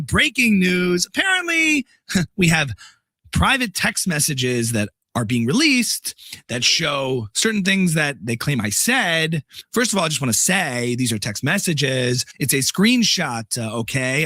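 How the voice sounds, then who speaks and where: A man's voice: a little high, pushed and bright, no room sound, clean studio sound, full character voice. A man doing a comedy impression of a sarcastic, defensive female political pundit, with a mocking, giggly, sing-song delivery.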